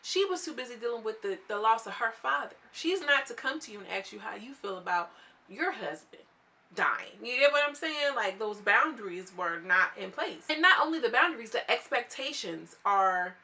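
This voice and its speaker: A young woman reviewing a reality show in chatty, expressive casual commentary, talking straight to her viewers. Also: fairly high pitch, moderate pace.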